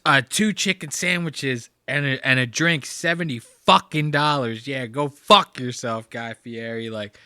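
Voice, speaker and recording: A man's voice: fairly low pitch, pushed and bright, no room sound, clean studio sound. A man hosting a podcast in loose, profane casual chat, rambling and laughing as he signs off. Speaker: podcast host.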